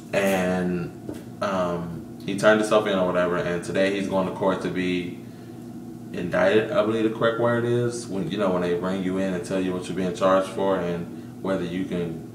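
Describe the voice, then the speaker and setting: A young man ranting bluntly and profanely through a casual vlog, his voice sitting on the low side. He sounds set back from the mic in an echoey room, with a faint hiss underneath. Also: recorded from a distance. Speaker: vlogger.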